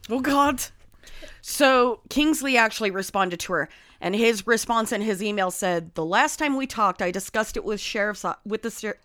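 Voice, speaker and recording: A woman's voice: medium pitch, normal speed, a bit bright. A woman co-hosting a casual chat, swearing freely and fighting off laughing fits while trying to get back on track. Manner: giggly, swears freely, keeps trying to refocus. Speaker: podcast co-host.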